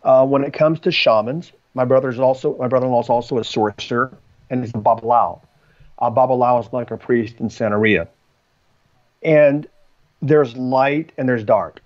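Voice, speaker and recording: A man's voice: medium pitch, fairly even intonation, normal speed, darkish tone. A man, a podcast guest, telling personal stories in a rambling way with frequent ums and restarts. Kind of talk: storytelling in conversation. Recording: slightly dull lo-fi audio.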